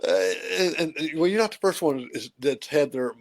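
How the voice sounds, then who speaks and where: A man's voice: a little high, lively intonation, normal speed, gravelly. A man hosting a talk show in a folksy, meandering way, often laughing. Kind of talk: casual interview chat.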